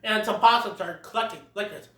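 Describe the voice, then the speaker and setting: At normal speed, a sharp-toned, mid-range voice delivers a movie reviewer's casual, giggly play-by-play of a cartoon film, quoting lines throughout. The mic sits far away in a roomy, echoing space.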